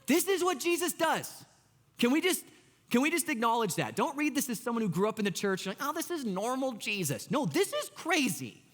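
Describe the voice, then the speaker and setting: Excitable pastor with a lively high voice. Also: male voice. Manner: excitable, conversational, talks straight to the congregation. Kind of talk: sermon. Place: church sanctuary. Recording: long church hall reverb.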